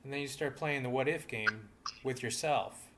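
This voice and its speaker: A man co-hosting a relationship podcast, giving frank, gruff advice in casual chat. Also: mid-range voice, moderate pace. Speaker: podcast co-host. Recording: noisy podcast recording.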